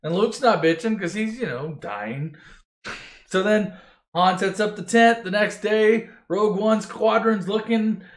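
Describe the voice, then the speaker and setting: A man's voice: high voice, unhurried, roomy sound. A man retelling a film as a profane, rambling comedy story, swearing constantly and loosely mimicking the characters.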